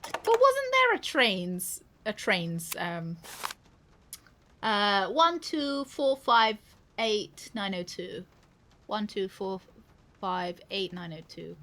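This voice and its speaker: Slow, giggly woman streamer. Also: medium pitch, very animated, fairly bright tone, a little hiss or hum. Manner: joking, giggly, thinks aloud. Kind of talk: casual gameplay commentary.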